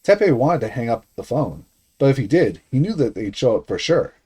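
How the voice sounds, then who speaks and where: A man's voice: medium pitch, very animated, a little fast, mellow, husky. A male streamer reading a visual novel's narration aloud.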